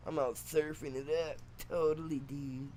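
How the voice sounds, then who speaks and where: A man's voice: fairly high pitch, level tone, normal speed, a little mellow, a little hiss or hum, pitched above the performer's own voice, natural voice. A man voicing a laid-back young surfer dude who drawls in surfer slang. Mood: mellow, goofy.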